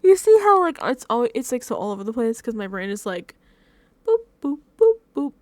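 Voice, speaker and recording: A woman's voice: fairly high pitch, very animated, quick pace, no room sound. A woman vlogging casual reaction commentary, rambling and repeating herself with lots of fillers. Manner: chatty, self-deprecating. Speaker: recap vlogger.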